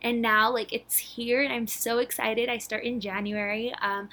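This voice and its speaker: A woman in her twenties hosting a casual solo podcast, bubbly and rushed, with lots of filler words and a slightly breathless delivery. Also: on the high side, level tone, pushed and bright. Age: 20s. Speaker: podcast host.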